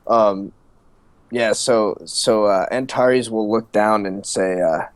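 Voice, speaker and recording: Man, very slow, hesitant, low voice, dry close sound. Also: no room sound. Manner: hesitant, halting, filler-heavy. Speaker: player in a story game. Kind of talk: casual game narration.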